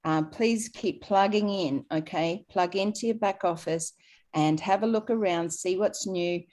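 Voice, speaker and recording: A woman's voice: lowish voice, unhurried, darkish tone. Woman from Australia or New Zealand, webinar host, encouraging and loose. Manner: encouraging, loose, with many fillers. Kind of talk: casual announcements to a live webinar. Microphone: video call.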